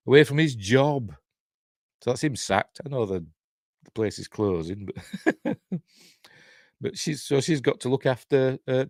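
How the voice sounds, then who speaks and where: Low-voiced Yorkshire man rambling through a film recap. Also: no room sound, studio quality. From Yorkshire, England. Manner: rambling, chuckling, acts out quoted lines. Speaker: film reviewer.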